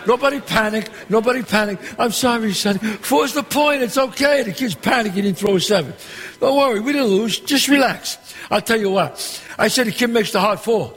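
An actor playing a middle-aged gangster boss who runs a dice game. He is loud and bossy, and he swears and throws insults around freely. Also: sits high, a little fast, breathy edge. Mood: boisterous. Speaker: mob boss at a craps game. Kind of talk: film dialogue. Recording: echoey hall sound with faint ambience.

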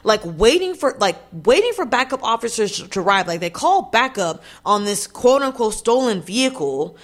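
A woman's voice: a little high, very animated, moderate pace. A woman vlogger giving casual commentary on a news story, talking straight to her viewers in a blunt, indignant way with plenty of swearing. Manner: chatty, addresses viewers directly.

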